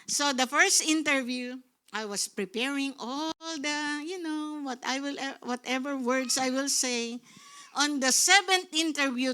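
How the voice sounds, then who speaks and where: A middle-aged woman pastor with a Filipino accent, preaching a sermon in a lively way and calling out "Amen?" to the congregation. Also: high-pitched. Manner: lively preaching, switching into Tagalog, calls of "Amen?".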